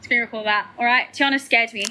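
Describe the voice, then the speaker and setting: A young woman livestreaming late at night, chatting excitedly and dramatically with her viewers. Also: a little high, brisk, slight background noise. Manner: excitable, dramatic banter with chat.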